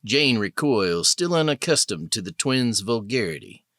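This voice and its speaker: Deep-voiced male audiobook narrator. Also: very animated, fairly bright tone, no room sound, studio quality. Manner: measured, descriptive storytelling.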